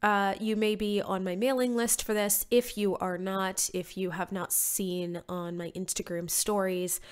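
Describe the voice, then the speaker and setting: A woman's voice: mid-range voice, flat delivery, measured pace, clear, resonant tone. A woman in her thirties hosting a solo podcast, sounding nasal from allergies, blunt and sarcastic with casual swearing. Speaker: podcast host.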